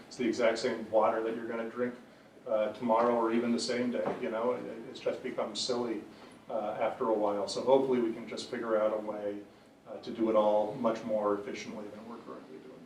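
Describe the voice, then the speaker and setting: An animated man speaking on a conference panel, laughing often and tagging points with "right?". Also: fairly low pitch, fast talker, a little hiss or hum. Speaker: panelist, association executive. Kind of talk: panel discussion with a joke. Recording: roomy, distant mic, faint ambience.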